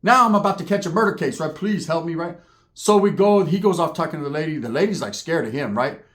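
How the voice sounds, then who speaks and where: A man telling a profane comic story, animated and acting out characters, with frequent "right?" tags. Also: a little high, fast talker.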